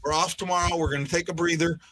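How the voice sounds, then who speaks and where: Bright-voiced rambling podcast host man. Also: a little high, fairly even intonation, quick pace, slight background noise. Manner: rambling, repeats himself and restarts. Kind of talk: casual live-stream chat.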